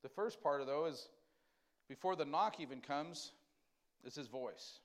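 A man preaching a conversational sermon, asking the congregation questions and swinging between loud emphasis and quiet, tender lines. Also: fairly high pitch, lively intonation, a little slow. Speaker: pastor.

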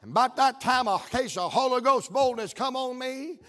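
A man preaching a sermon, telling a funny story in a folksy, animated way that builds up to shouting. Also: extremely high pitch, normal speed. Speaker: pastor.

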